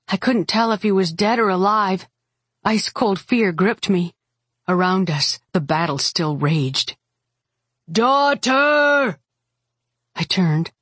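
A woman's voice: fairly low pitch, breathy edge, no echo. A woman narrating a first-person audiobook with an intense, dramatic reading.

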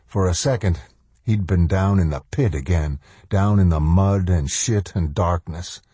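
A man narrating an audiobook in a measured, steady storytelling manner. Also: low voice, slightly rough, no echo. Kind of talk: scripted narration.

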